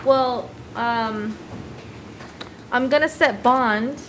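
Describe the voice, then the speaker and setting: A woman presiding as a judge in a courtroom, reading out bail conditions in a brisk, procedural way and spelling them out slowly. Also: a little high, a bit bright. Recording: faint room noise, heater.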